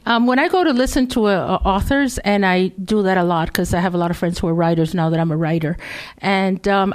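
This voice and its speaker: A middle-aged woman born in Cuba, an author giving a chatty, self-deprecating talk at a bookstore reading, laughing often. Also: medium pitch.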